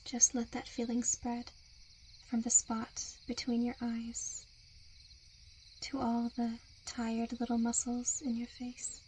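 A woman in a whispered role-play, with a soft, soothing and coaxing hypnotic murmur. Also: on the high side, completely flat delivery, slow, a little hiss or hum. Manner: seductive, coaxing.

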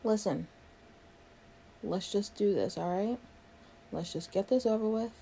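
A woman's voice: mid-range voice, a little slow, gravelly, warm tone, a little hiss or hum. A young woman in a one-sided role-play, playing a sarcastic, exasperated coworker who swears a lot. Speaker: coworker doing a project with the listener.

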